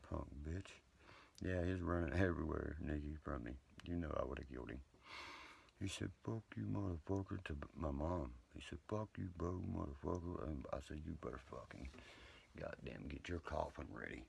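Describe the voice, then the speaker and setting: A man's voice: a bass voice, moderate pace, gravelly, darkish tone, slightly rough. A man rambling at night on a live stream, profane, boastful and heated. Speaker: livestreamer talking to viewers. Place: indoors at home, late at night.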